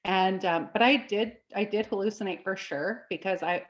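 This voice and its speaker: A woman co-hosting a casual chat, telling a story with lively acted-out quotes and frequent laughs. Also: mid-range voice, moderate pace. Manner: animated storytelling, acts out quoted voices; laughs often. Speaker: podcast co-host.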